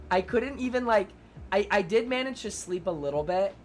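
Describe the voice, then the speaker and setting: Here a young man streaming has a high, animated, slightly mellow voice at a moderate pace, with a little hiss or hum. He tells his live chat a long story in a rambling way, padding with "like," swearing often and stopping to thank viewers.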